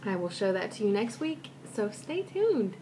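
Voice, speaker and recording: A vlogger speaks directly to her audience in a warm, middle-pitched voice, rambling through a personal story with self-deprecating asides and many restarts. Her pitch swings widely, her pace is moderate, and a faint hiss sits in the background.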